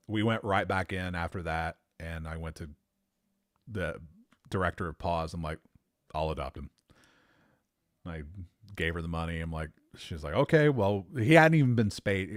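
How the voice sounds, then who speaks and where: A man with a very low, deep voice tells a rambling personal story and keeps stopping to correct himself. He swears casually and laughs at himself. The sound is dry and close, with no room around it. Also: no echo. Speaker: podcast host.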